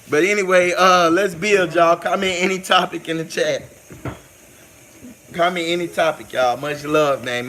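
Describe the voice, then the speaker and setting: A man's voice: fairly high pitch, a bit bright, slight background noise. A man hosting a casual livestream, reading out chat comments and talking straight to viewers in a loose, slangy way, repeating points for emphasis.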